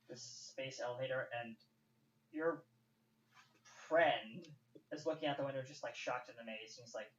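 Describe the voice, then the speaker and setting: A man's voice: medium pitch, fairly bright tone. A man runs a tabletop game, rambling along with plenty of ums and likes. He is picked up from a distance in an echoey room on a dull, lo-fi mic, with a faint hiss behind him. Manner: loose, rambling with many fillers. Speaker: game master.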